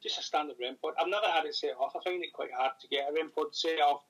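A Scottish man in casual interview chat, rambling and thinking aloud with many pauses. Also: fairly high pitch, a bit bright, rough recording. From Scotland. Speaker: paranormal investigator and author.

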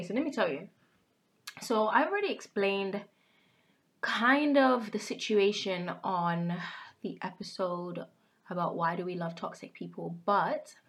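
A young woman hosting a podcast, telling a personal story candidly and often dropping into hushed, whispered asides. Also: medium pitch. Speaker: podcast host. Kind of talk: casual confessional monologue.

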